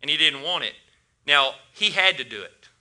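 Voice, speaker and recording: A man's voice: fairly high pitch, animated, normal speed, pushed and bright. A man preaching a casual sermon to a congregation, asking them questions and often repeating his words.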